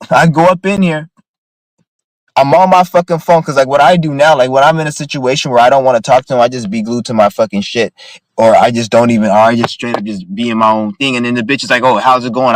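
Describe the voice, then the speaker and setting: A man's voice: mid-range voice, no room sound, poor audio. A man ranting angrily to his phone camera about a store clerk, swearing constantly and repeating himself. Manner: profane, ranting, repetitive. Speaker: vlogger. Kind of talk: angry rant to camera.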